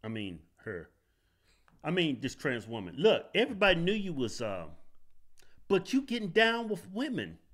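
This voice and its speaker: Male co-host, blunt and joking, very lively high-ish pitch. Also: normal speed. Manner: blunt, joking, mocking, talks over the clip. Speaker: co-host reacting to a clip. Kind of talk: casual commentary.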